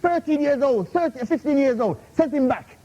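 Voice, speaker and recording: In a muffled lo-fi recording from a university room, an invited Islamic speaker with a very high, warm voice scolds a questioner in a heated Q&A rebuttal. Animated and at a moderate pace, he keeps demanding "Huh? How?" and blends Arabic terms into his English.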